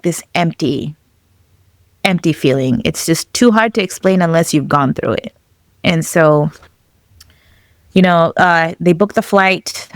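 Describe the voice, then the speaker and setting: Young woman from zambia telling her story, lowish voice, halting and thoughtful, dry close sound. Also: no echo. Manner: reflective, halting, with many fillers. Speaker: podcast guest. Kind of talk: personal storytelling.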